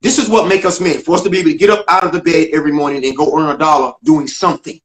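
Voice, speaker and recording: Speaking very fast with a steady tone, this older stand-up comedian is a guest in a video interview, telling a lively story. He performs the dialogue, puts emphasis on his lines, and his pitch rises and falls widely. The room has noticeable echo.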